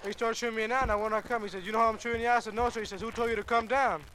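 A man, an air force recruit, telling an anecdote quickly and excitedly. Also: high-pitched, a little hiss or hum. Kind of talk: casual anecdote.

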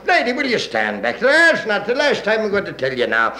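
A man doing excited, rapid parody radio commentary as a comic announcer, with mouth sound effects. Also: sits high, roomy sound, a little hiss or hum.

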